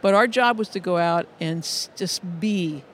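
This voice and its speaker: High-voiced middle-aged man, earnest storyteller. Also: normal speed, fairly bright tone, slight background noise. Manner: earnest, with frequent restarts and repeated words. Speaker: music educator. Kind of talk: conversational interview storytelling.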